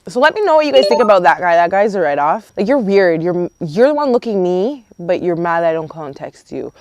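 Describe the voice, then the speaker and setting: A young woman from Canada vlogging outdoors, chatty and animated, telling a storytime with lots of quoted dialogue. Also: lowish voice, fairly quick. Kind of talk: casual storytime vlog. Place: outdoors near a yard with roosters and hens. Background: roosters and hens.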